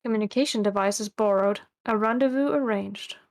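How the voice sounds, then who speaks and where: A woman's voice: medium pitch, fairly quick. A woman joining a casual read-along as a guest, reading the narration lines plainly and adding wry asides. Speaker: guest co-reader.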